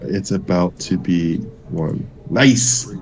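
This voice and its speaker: A man's voice: sits low, takes it slowly, darkish tone. A man hosting a live trading room, joking and swearing while calling out trades. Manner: joking, profane, calls out trades. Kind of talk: casual trading chat.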